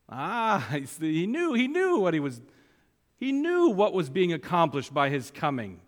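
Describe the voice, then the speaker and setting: A man's voice: a little high, huge pitch swings, a little slow. A man preaching a sermon, repeating key phrases for emphasis and reading scripture aloud with mounting force. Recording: long hall reverb.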